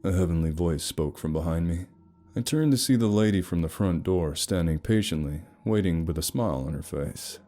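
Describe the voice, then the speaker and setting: Deep-voiced male horror story narrator. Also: normal speed, mellow, soft background music. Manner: wry, sarcastic storytelling.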